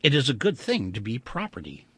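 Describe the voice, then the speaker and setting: A man voicing a calm, obedient male android who speaks in a flat, mechanical way. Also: medium pitch, a little fast, slightly rough, dry recording, heavily acted.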